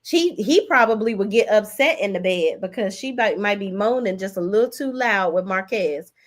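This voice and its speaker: Casual streamer woman, animated, says y'all and child a lot, chatty and loose. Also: normal speed. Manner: animated, swoops high when thanking viewers; chatty, Southern-tinged slang like y'all and child. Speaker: live-stream host reading chat. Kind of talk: casual live-stream chat.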